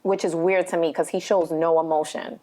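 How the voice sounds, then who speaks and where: A woman's voice: low voice, normal speed. New woman retelling a frightening call. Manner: emotional storytelling, animated retelling of a phone call. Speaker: podcast co-host. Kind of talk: casual chat.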